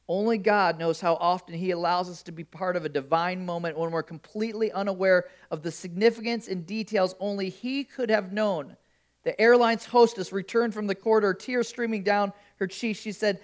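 Expressive male pastor retelling a story. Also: normal speed. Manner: expressive storytelling with shifting pitch and volume. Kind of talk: sermon, reading a first-person story aloud.

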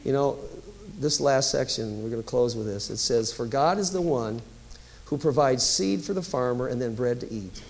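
A man's voice: medium pitch, normal speed, creaky, a little hiss or hum, rough recording. A man preaching a sermon as pastor, telling stories in a conversational way with emphatic rises.

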